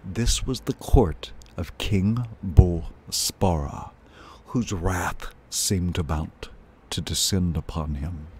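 A man reading a children's novel aloud in a slow, measured way, as a storyteller. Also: sits low, darkish tone, a little hiss or hum.

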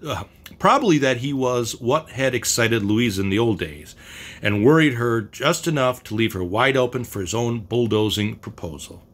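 A man's voice: medium pitch, a bit bright. Man reading a story aloud. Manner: plain reading with occasional slips and restarts. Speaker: story reader.

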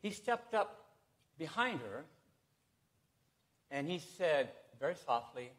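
Lively, folksy preaching man. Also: a little high. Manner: folksy, lively storytelling with pauses. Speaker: pastor. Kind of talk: sermon with jokes. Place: church sanctuary.

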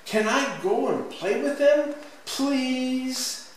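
A man reading a storybook aloud, voicing a little girl elephant in a high, childish pleading voice. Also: very animated, a little slow. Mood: excited. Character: little girl elephant, lonely then eager. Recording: echoey room from a distance, faint hiss.

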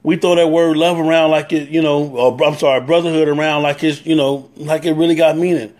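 A man with a Southern US accent speaks straight to his stream viewers, working his point over and over in a plain, earnest way. His voice sits a little higher than most men's. He keeps breaking off to greet people by name. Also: fairly even intonation, brisk, a little mellow. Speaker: motorcycle club leader. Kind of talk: live-stream talk to viewers.

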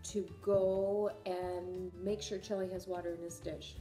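A mother playing teasing party games with her daughter at home, counting down slowly. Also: on the low side, little pitch movement, warm tone, echoey room, soft background music. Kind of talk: playful game chat at home. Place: home, indoors.

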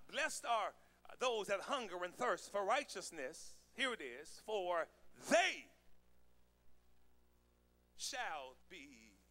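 A man pastor preaching a sermon, joking with the congregation and building to shouted calls. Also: high-pitched. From United States. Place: church sanctuary with congregation.

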